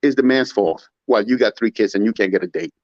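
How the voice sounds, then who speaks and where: A man's voice: lowish voice, a little fast, a little mellow, no echo. Man ranting emphatically, muffled dry audio. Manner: emphatic, rhetorical, mimics others in raised voice. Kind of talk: opinionated casual talk.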